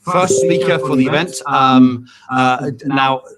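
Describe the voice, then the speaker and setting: Halting man hosting an online event. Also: medium pitch, very noisy. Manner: warm, halting, with many fillers. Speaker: event host introducing speakers. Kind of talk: live online event introduction.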